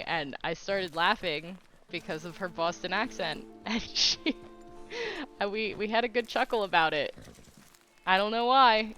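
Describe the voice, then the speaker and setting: A woman's voice: fairly low pitch, bright, forceful tone. A young woman chatting casually while streaming a game, telling stories and laughing often. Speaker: live streamer.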